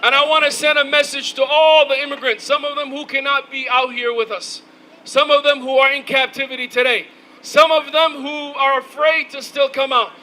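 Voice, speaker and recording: A man giving an impassioned, shouted rally speech outdoors, rousing the crowd with call-and-response. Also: very high voice, little pitch movement, normal speed, slight background noise, poor audio. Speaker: rally speaker.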